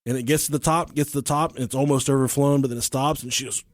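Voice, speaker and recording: A man's voice: mid-range voice, fairly even intonation, very fast, no echo, studio quality. A man hosting a podcast, telling stories in casual chat, swearing freely, joking and laughing as he goes. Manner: profane, joking, laughs often while telling. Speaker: podcast host.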